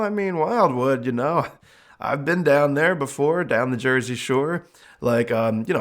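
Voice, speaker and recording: A man hosting a podcast, telling his own story in a casual, animated way with many fillers. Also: medium pitch. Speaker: podcast host.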